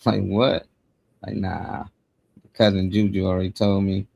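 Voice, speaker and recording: A man co-hosting a live morning show in a relaxed, slang-heavy casual chat. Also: low-pitched, a little slow, gravelly, dull audio. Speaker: co-host.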